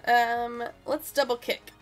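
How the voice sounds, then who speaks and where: A woman's voice: fairly high pitch, flat delivery, takes it slowly. A young woman streaming a video game, giggly and chatty, talking to the characters on screen. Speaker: gaming streamer. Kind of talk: casual let's-play commentary. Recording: faint game music behind.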